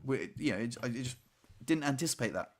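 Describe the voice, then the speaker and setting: A man's voice: medium pitch, animated, brisk. A man co-hosting a casual video-call podcast, chatty and rambling with lots of fillers. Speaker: podcast co-host. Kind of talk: casual chat.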